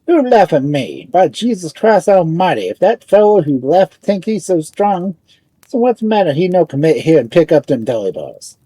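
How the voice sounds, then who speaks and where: A man's voice: fairly high pitch, very animated, moderate pace, mellow, breathy edge, no echo, pitched above the performer's own voice. A man voicing a boastful, angry male mill worker who curses and blusters in broken English.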